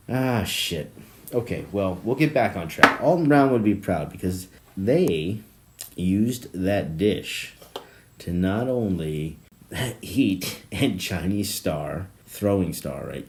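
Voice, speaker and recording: A man with a lowish voice hosts his own podcast alone, talking slowly and rambling from one tangent to the next. His pitch swings widely, from low mutters to loud, excited bursts, and he swears and laughs constantly. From South Florida. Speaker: podcast host. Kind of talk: rambling solo podcast monologue.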